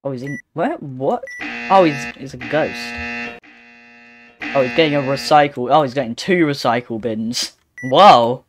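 Guy commentating his game, slow-ish talker, lots of sudden yelps, faint music behind. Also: medium pitch. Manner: excitable, quick yelps and exclamations between calm remarks. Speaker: gaming channel host. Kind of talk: live gameplay commentary.

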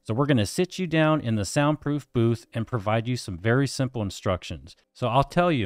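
A man's voice: medium pitch, fairly quick, hardly any pauses, no echo, studio quality. A middle-aged man hosting an explainer video, teaching in plain, friendly layman's terms. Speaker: host explaining hearing tests.

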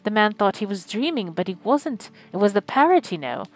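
A woman narrating a classic story aloud, measured and expressive, at a mid pitch. Soft music plays faintly underneath her reading. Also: rough recording. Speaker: audiobook streamer. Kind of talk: scripted narration.

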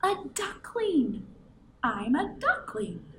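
A woman's voice: very high-pitched, very animated, slow, a bit bright, slight background noise. A woman librarian reading a picture book aloud to children in a coaxing, sing-song way and asking them questions. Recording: roomy, from a distance.

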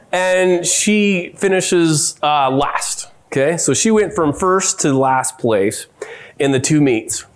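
A middle-aged man giving a conference keynote, telling family stories with lively quoted voices. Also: on the high side. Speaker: keynote speaker. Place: conference hall.

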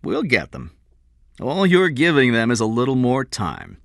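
A man voicing a tough male police detective who questions a suspect in a firm, brisk manner. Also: mid-range voice, huge pitch swings, vocal fry, a bit bright, no room sound, studio quality, exaggerated voice.

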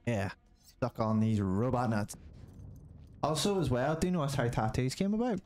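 A man's voice: mid-range voice, expressive, moderate pace, a little mellow. A young man, chatting casually and joking over a game he is playing, laughing and swearing often. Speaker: co-host of a gaming channel. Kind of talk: casual let's-play commentary.

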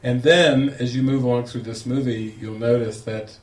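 Male spiritual teacher, mid pitch, animated storyteller, roomy distant sound. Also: moderate pace. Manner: animated, laughing storyteller acting out quotes. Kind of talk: storytelling talk to a group. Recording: echoey room, distant mic, faint noise.

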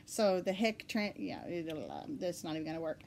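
A bubbly, excitable woman with an Oklahoma accent, chatting casually at home as the host of a knitting podcast. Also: deep voice, moderate pace, creaky, slight background noise. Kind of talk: casual chat.

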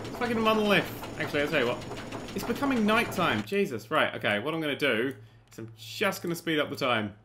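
Laughing and cursing as he plays, a gaming-channel host delivers energetic let's-play commentary through a desk microphone. He speaks on the high side, with background noise audible.

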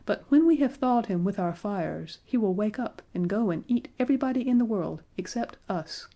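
A woman voicing a crowd of spiteful little sealskin dwarfs in a storybook, shrill and bawling. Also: expressive, moderate pace, mellow.

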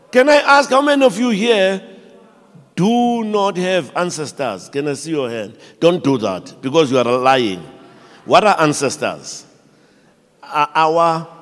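A man's voice: a little high, slow pace, long pauses. A man with a South African accent, a pastor preaching a sermon and acting out the people in his stories. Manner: animated storytelling preacher, acting out quoted voices. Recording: long reverb of a large church hall.

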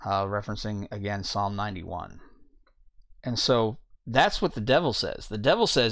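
A man giving an informal Bible teaching, reading scripture passages aloud and pausing to look up verses as he goes. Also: fairly low pitch, a bit bright, dry recording, clean studio sound. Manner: reads scripture aloud, searching for verses mid-talk.

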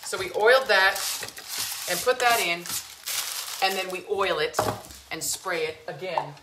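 A woman's voice: lowish voice, expressive, measured pace, roomy sound, noisy background. A woman hosting a home cooking show, chatting casually and gushing, calling her viewers sweetheart and lovies. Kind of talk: casual cooking demo chat. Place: home kitchen.

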